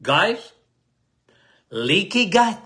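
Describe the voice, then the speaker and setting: A man hosting a health podcast in a casual talk, loud and emphatic, repeating key phrases and calling listeners guys. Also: very animated, very slow. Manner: loud, emphatic, cannot lower his volume.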